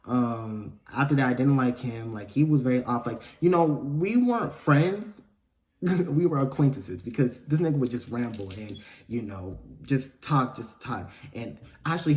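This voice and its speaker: Guy doing a storytime vlog, cusses a lot, gets loud then mutters, medium pitch. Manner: animated, profane, swings between loud outbursts and mumbling asides. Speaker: storytime vlogger. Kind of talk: casual storytelling.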